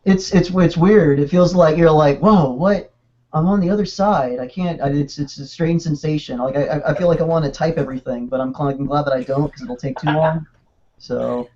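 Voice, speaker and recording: A man casually chatting on a podcast, excitable and rambling, with quick restarts. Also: on the high side. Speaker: podcast co-host. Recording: dull lo-fi podcast audio.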